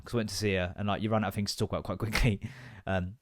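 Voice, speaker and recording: A man, hosting a casual solo podcast and ranting in a sweary, sarcastic, animated way. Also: fairly low pitch, racing. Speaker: podcast host.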